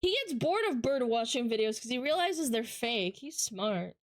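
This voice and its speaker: A woman's voice: on the high side, expressive, moderate pace, no room sound, studio quality. A woman streamer chatting casually and reading out live comments, playful and teasing with frequent giggles, talking from her home setup.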